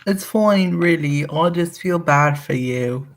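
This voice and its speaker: A woman reading the lines of a concerned young male gamer friend in her own slow, flat casual voice. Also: deep voice.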